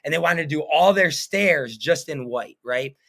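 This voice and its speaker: A man's voice: on the high side, lively intonation, normal speed, a bit bright. A man in his thirties, a painting business owner, talking as a podcast guest in an earnest, rambling way full of fillers. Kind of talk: casual interview chat.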